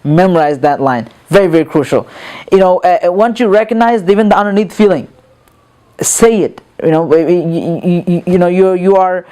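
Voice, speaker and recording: A man's voice: sits high, fairly even intonation, moderate pace, dark tone, clean tone. A man giving a casual spoken lesson, repeating words and filling gaps with "you know" while he acts out examples. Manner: rambling, repeats words, many fillers, acts out quotes. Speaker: instructor.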